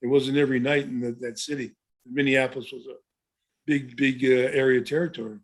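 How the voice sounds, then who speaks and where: This former wrestler, now in his seventies, co-hosts a podcast and tells stories in a loose, chatty way. He speaks briskly in a mid-range voice with little pitch movement, wandering off, starting over often, and leaning on "you know."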